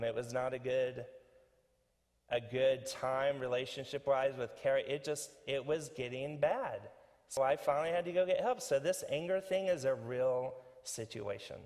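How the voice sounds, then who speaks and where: A pastor giving a conversational, animated sermon with many fillers and restarts. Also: male voice, medium pitch, long reverb tail. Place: church sanctuary.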